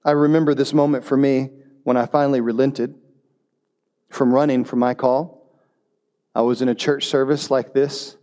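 Animated male pastor preaching. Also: mid-range voice, moderate pace, long pauses. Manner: animated storytelling, voicing characters' lines. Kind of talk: sermon.

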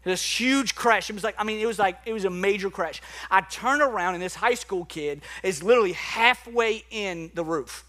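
Man, pastor, sermon, high voice, bright tone, animated, acts out dialogue. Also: moderate pace, hardly any pauses. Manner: animated preaching with acted-out dialogue and asides.

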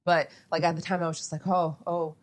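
A woman's voice: sits low, level tone, fast. A young adult woman, a photographer as interview guest, chatting casually and meandering with lots of asides.

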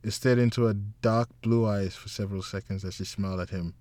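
A man narrating a novel in a slow, measured reading voice. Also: on the low side, steady tone, a little mellow, no room sound. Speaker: audiobook narrator.

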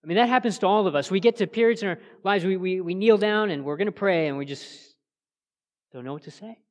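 Man preaching a sermon, earnest, emphatic peaks and soft drops, long hall reverb, church sanctuary. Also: high voice, quick pace. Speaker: pastor.

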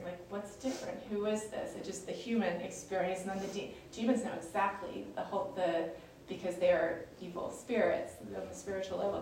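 A woman's voice: lowish voice, gravelly, darkish tone, slight background noise. A woman leading a Bible study, explaining scripture in a chatty, conversational way with frequent fillers and restarts. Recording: echoey room, distant mic.

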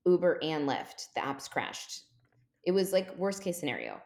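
A woman's voice: on the low side, moderate pace, gravelly. A woman in her forties, a podcast guest, telling a long funny story in casual chat and jumping into quoted voices. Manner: animated, jumps into quoted voices.

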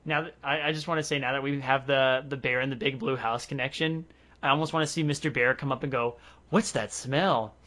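A man's voice: medium pitch, steady tone, fast, pushed and bright. A man co-hosting a podcast, chatting casually and playfully while laughing often. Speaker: podcast co-host. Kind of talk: casual chat.

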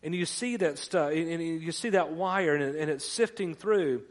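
Man preaching in a higher register. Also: moderate pace. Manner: conversational preaching with repeated restarts. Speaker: pastor. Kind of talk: sermon.

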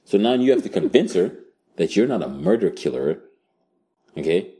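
A man running an improvised storytelling game as game master, crude, profane and animated. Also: low voice, normal speed.

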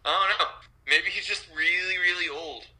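A man's voice: high-pitched, normal speed, sharp tone, low-quality recording. A man in casual chat, answering in short, laid-back, somewhat hesitant replies. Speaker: podcast co-host.

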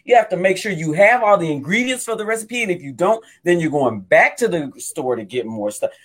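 A man's voice: medium pitch, big pitch swings, normal speed, pitched below the performer's own voice. A man voicing a breezy wife who orders takeout instead of cooking, in an improvised comedy sketch, talking in a sing-song, deflecting way. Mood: defensive.

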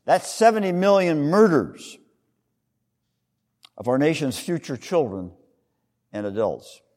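Man, pastor, sermon, fairly high voice, emphatic rises, soft trailing endings, long church reverb. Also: big pitch swings, slow pace.

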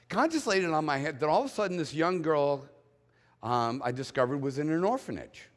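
A middle-aged man preaching in a sermon, his voice sitting a little high for a man. He talks candidly, pokes fun at himself and mimics other people's voices as he tells his story. The long reverb of a large hall carries every line. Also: fairly quick. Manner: candid, self-deprecating, animated storytelling with mocking quoted voices. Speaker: pastor.

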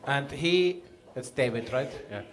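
A man co-hosting a casual podcast, talking haltingly with many restarts. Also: medium pitch, animated. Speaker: podcast co-host.

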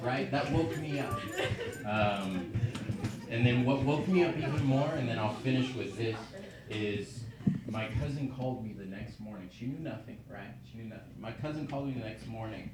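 A man sharing an earnest personal testimony and short sermon, with frequent ums and restarts. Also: medium pitch. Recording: echoey, distant, noisy room recording.

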